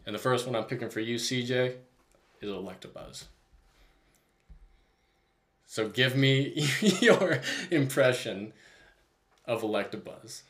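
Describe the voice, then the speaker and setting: A man's voice: mid-range voice, takes it slowly, pauses often. Young male co-host, giggly and playful, easy mid-range voice. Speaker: podcast co-host. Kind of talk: casual chat.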